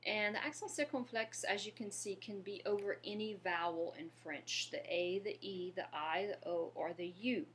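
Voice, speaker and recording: A woman from Louisiana teaching a French lesson, patiently explaining and pausing to have listeners repeat after her. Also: mid-range voice, fairly bright tone, slight background noise. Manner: patient, slows down to model pronunciation and asks viewers to repeat. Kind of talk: language lesson.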